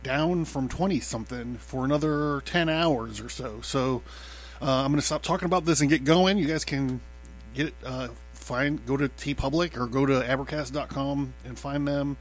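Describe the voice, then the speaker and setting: A man's voice: medium pitch, moderate pace, faint music behind. Rambling, profane male podcast host. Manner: loose and profane, many fillers and laughs. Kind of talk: casual rambling monologue.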